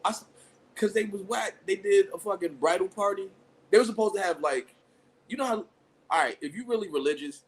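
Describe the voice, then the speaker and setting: A man hosting a casual comedy podcast, telling profane, animated stories and laughing often. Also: mid-range voice, poor audio. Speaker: podcast host.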